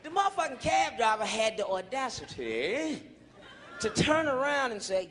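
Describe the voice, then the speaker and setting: A male stand-up comedian on stage, profane and animated, shouting his punchlines. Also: extremely high pitch, normal speed, slight background noise. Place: comedy stage before a live audience. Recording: live show with loud crowd laughter.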